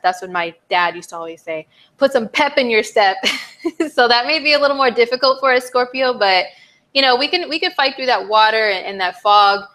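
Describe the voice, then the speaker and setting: Speaking at a medium pitch, a young woman reads her viewers' stars in an easygoing, chatty way. Expect plenty of fillers and playful, animated exclamations.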